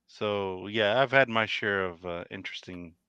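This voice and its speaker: Bright, dry-voiced man telling stories. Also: on the low side, moderate pace, clear, resonant tone, dry recording, lo-fi sound. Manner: hesitant, filler-heavy storytelling. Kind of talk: casual chat.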